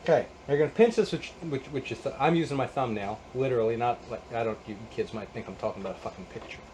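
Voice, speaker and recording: A man's voice: medium pitch, quick pace, a little mellow, slight background noise. Exasperated swearing man in his thirties. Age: 30s. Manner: exasperated, swearing, sarcastic rants. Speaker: YouTube host. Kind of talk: casual guitar how-to vlog.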